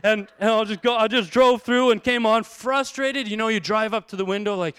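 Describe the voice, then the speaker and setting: A middle-aged male pastor giving a sermon with lively storytelling, acting out the people in his stories. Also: high-pitched, fairly quick, hardly any pauses, smooth, no echo, clean studio sound. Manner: storytelling, acts out quotes in bursts.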